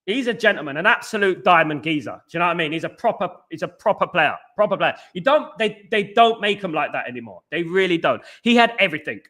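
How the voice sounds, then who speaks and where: Man in his forties, high bright voice, excitable live-stream host who chants and repeats himself. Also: fast, hardly any pauses. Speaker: livestream host. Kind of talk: casual live chat reading comments.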